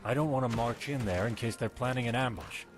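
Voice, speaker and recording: An actor voicing a cautious, measured male guard captain in a video game. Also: mid-range voice, over music, close to an everyday voice.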